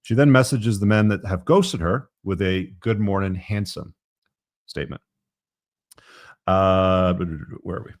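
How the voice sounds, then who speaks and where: Deep voiced guy hosting a live podcast, reading his book out loud, wry and rambling. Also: unhurried, no echo, clean studio sound. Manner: wry, tongue-in-cheek, rambling asides with fillers. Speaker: podcast host.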